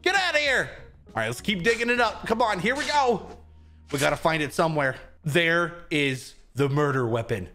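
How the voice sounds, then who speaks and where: A young man giving animated, goofy commentary while he plays a video game. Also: a little high, normal speed, faint music behind. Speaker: gaming video host. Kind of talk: excited gameplay commentary.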